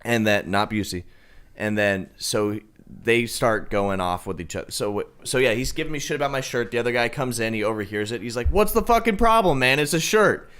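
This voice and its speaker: A man's voice: fairly low pitch, fairly even intonation, brisk, a bit bright, smooth. A young man, a podcast guest, rambling through a casual anecdote with lots of restarts. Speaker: podcast guest, cigar lounge manager. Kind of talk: casual storytelling chat.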